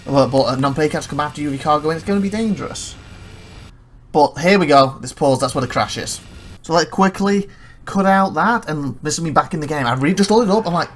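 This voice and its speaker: A let's play host giving casual gameplay commentary, rambling and self-correcting, retelling a mishap with excitement and laughs. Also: mid-range voice, a little fast, slight background noise. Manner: chatty, excitable storytelling with laughs.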